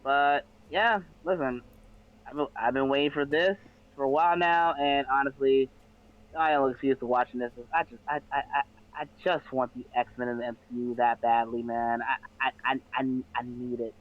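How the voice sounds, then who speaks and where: A man's voice: medium pitch, fairly even intonation, moderate pace, phone-quality sound. A man on a panel chatting casually, eager, with many stammered restarts.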